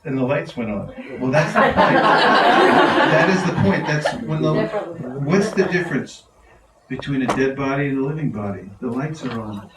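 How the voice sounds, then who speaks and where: A man's voice: medium pitch, moderate pace, very noisy. Enthusiastic man teaching in an echoey hall. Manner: enthusiastic, laughing, animated storyteller. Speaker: spiritual teacher. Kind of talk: devotional talk to an audience. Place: large room with a live audience. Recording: roomy hall, mic far off.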